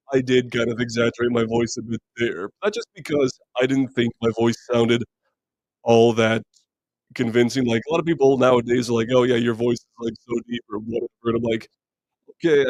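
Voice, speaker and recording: A man with a deep voice hosting a live movie chat stream, talking casually and rambling with lots of fillers as he reads viewer comments. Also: creaky, no echo, low-quality recording. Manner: relaxed, rambling, many fillers and restarts. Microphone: streaming mic.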